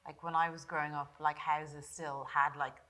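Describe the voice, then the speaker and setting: Low-voiced woman interviewer. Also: little pitch movement, normal speed, pushed and bright. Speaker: interviewer, author. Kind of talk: public gallery conversation.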